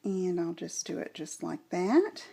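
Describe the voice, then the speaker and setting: Slow, gentle woman talking through a craft project. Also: lowish voice, lively intonation, creaky, breathy edge. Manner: gentle, unhurried, explains each step while working. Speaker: craft tutorial host. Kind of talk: step-by-step crafting tutorial.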